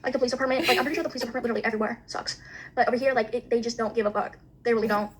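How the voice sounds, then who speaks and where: Very fast-talking, swearing young woman. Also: fairly high pitch, fairly even intonation, a little hiss or hum. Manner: blunt, swears constantly, ranting. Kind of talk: casual chat.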